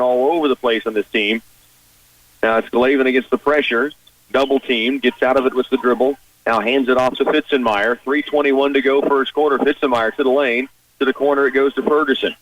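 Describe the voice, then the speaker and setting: A man calls a high school basketball game for radio, firing off short play-by-play phrases that climb when a shot falls. His voice sits in a middle register and sounds set back a little from the microphone. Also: a bit bright, no echo. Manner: rapid clipped play calls, rising at big shots. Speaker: play-by-play announcer. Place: high school gym broadcast position. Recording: broadcast radio, mic at a distance.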